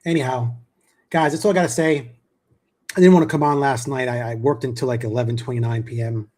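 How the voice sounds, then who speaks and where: A man's voice: medium pitch, fairly even intonation, a little fast, a little mellow. Middle-aged sports show guy from the new york area, chatty and rambling, says um and you know a lot, repeats words. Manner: conversational, repeats words, frequent fillers. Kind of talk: casual sports talk.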